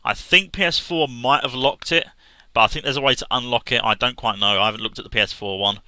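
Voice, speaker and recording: A man talking sincerely to camera as a gaming vlogger, halting with restarts and fillers. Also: mid-range voice, pushed and bright, no echo. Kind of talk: casual earnest talk to camera.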